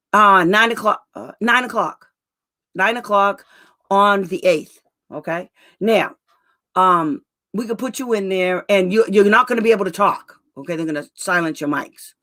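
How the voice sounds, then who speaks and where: A woman's voice: medium pitch, a bit bright. A woman special education advocate in casual talk, ranting bluntly and with exasperation, drawing out words for emphasis.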